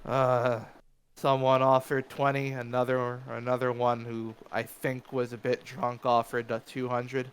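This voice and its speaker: A man's voice: mid-range voice, monotone, a little slow, clear, resonant tone, close to an everyday voice. A man voicing a proud, easygoing male scrapper bartender who talks casually with hesitant fillers. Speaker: game master voicing a character.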